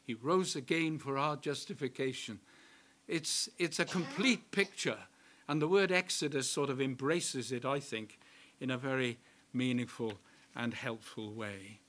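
A man preaching a sermon in a slow, emphatic way, repeating key words for weight. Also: mid-range voice, fairly bright tone.

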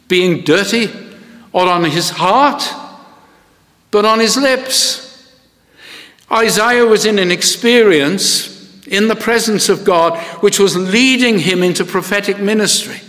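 Slow, deliberate male preacher in a reverberant hall. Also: sits high, expressive, fairly bright tone. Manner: slow, deliberate preaching with rising emphatic questions. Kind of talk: sermon.

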